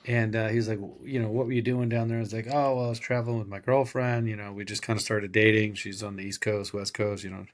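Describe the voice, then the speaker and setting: A man's voice: on the low side, little pitch movement, fast talker, hardly any pauses. A man guest telling a casual anecdote, acting out the dialogue as he goes. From California, USA. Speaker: podcast guest. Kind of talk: casual storytelling.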